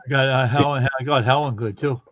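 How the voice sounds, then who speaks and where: A man's voice: mid-range voice, fairly even intonation, brisk, dull audio, background noise. A man casually telling long, rambling funny stories on a livestream and laughing as he goes. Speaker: livestream host. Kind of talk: casual storytelling chat.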